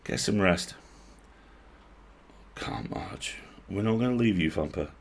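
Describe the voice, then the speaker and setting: A man's voice: deep voice, slow pace, husky, heavily acted. A man voicing a tough, impatient female goblin sergeant who gives curt orders. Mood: bossy. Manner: curt, commanding.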